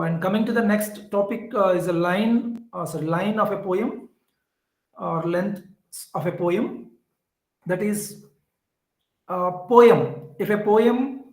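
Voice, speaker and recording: A man with an Indian English accent teaches an online class at a very unhurried pace. He says key points twice and fills pauses with "uh." His voice rings out in an echoey room. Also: sits high. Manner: slow, repetitive explaining with fillers.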